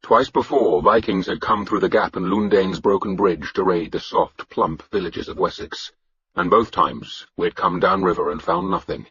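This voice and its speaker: A man with a husky voice narrating a historical novel in the first person, in a measured, grave storytelling manner. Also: deep voice. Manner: measured, grave storytelling with shouted battle cries. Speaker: audiobook narrator. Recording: dull lo-fi audiobook recording.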